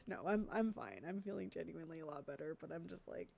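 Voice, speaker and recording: Stuffed-up woman streamer, kinda gravelly, rambling to chat while she edits, gets sidetracked a lot. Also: lowish voice, animated, a little fast, darkish tone. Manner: chatty, thinking aloud, easily distracted. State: congested. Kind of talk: casual chat while video editing.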